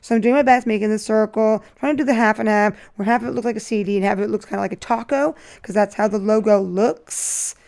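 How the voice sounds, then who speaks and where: A woman narrating her nail art as she paints, chatty and rambling, breaking into excited sing-song bursts. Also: mid-range voice, fast, vocal fry, hardly any pauses. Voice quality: voice crackling. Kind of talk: casual voice-over while painting nails.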